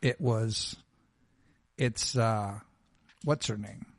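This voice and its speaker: A man's voice: lowish voice, very slow, vocal fry, dry recording. A man co-hosting a radio talk show, chatting casually and often restarting his sentences. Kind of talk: casual sports and TV chat.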